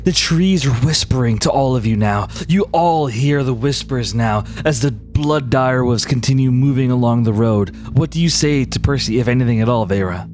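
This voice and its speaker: A man's voice: medium pitch, moderate pace, hardly any pauses, a little mellow, a little hiss or hum. Man narrating a tabletop game. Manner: casual, storytelling. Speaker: game master.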